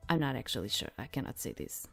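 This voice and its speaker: A woman who is not a native English speaker, reading a dating game aloud and chatting in rambling asides as she thinks out loud. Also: rumbling low, sing-song, quick pace, vocal fry, breathy edge, no echo, faint music behind. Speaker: game streamer. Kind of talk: reading a visual novel aloud with side commentary.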